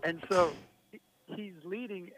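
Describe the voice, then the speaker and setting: High-voiced man telling golf stories. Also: measured pace, rough recording. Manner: animated, laughing storyteller. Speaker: guest, golf pro. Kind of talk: casual storytelling.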